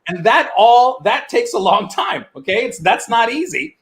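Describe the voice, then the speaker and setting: High-voiced man doing animated comedy. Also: moderate pace, a little hiss or hum. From United States. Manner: animated storytelling, mimics his immigrant father. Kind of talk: stand-up comedy set. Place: virtual event, video call.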